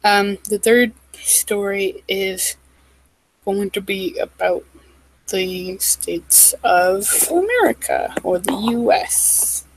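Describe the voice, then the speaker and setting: A woman vlogging in a casual, rambling way, with lots of "like" and "um", quick asides and apologies. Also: mid-range voice, animated, a little hiss or hum, poor audio.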